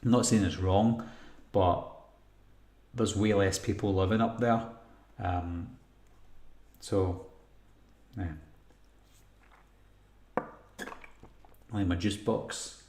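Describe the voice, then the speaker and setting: Scottish male live-stream host, casual and meandering, slightly low voice, echoey room. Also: steady tone, drawn-out words, pauses often, darkish tone. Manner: rambling, thinks aloud while reading chat comments. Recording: roomy echo.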